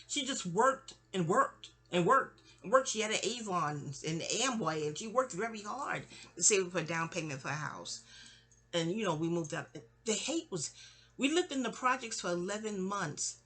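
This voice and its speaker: Husky lady in her 40s venting family drama, keeps trailing off and starting over. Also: mid-range voice, expressive, moderate pace, fairly bright tone. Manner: rambling, trails off and restarts, mimics people in quotes. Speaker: storyteller. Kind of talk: candid family storytelling.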